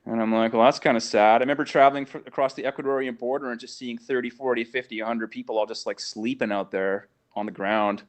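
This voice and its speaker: A man's voice: mid-range voice, fairly even intonation, fast, few pauses. A man calling in to a talk show, rambling through a travel story and swearing casually. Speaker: caller.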